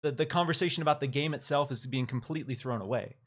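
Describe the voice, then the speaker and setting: A man hosting a casual live-streamed gaming chat, talking with animated energy and reading out viewer messages. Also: mid-range voice, fast talker. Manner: animated, reads viewer comments aloud. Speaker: podcast host.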